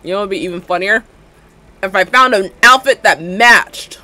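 A woman's voice: medium pitch, unhurried, long pauses, pushed and bright, soft background music. A young woman in her twenties streaming a game, chatting casually in a giggly, rambling way full of "like" fillers. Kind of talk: casual livestream chat while playing a game.

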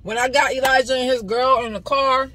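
This is a woman vlogger eating on camera inside a car. Her voice is husky and sits a little high. She talks casually and at ease, telling stories to her viewers. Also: brisk, poor audio. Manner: relaxed, chatty storytelling to viewers. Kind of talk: casual mukbang chat.

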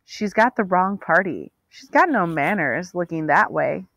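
A woman voicing a crowd of young partygoers who taunt in a high, singsong, mocking way. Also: expressive, measured pace, fairly bright tone, no room sound, heavily acted. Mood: sneering.

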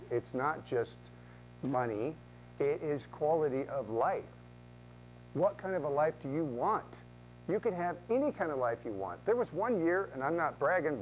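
A middle-aged man giving a motivational talk as a real estate speaker, telling stories with lively back-and-forth dialogue. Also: on the high side, a little hiss or hum, rough recording. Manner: animated, acts out both sides of conversations.

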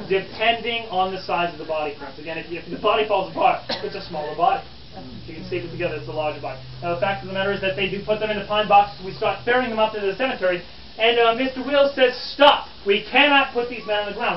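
A man's voice: high-pitched, slight background noise, lightly acted. A man playing a scornful 1860s newspaperman. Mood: grim, lecturing. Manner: theatrical, scornful, calls listeners "friends". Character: scornful 1860s male newspaperman, lecturing crowd. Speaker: living history interpreter. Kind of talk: in-character living history talk to visitors. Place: outdoor historic park program. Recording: distant, roomy, dull camera audio.

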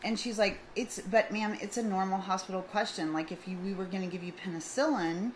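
A middle-aged woman telling a story in a casual vlog, acting out both sides of the conversation in an animated way. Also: mid-range voice, brisk, low-quality recording. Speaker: vlogger. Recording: faint background noise.

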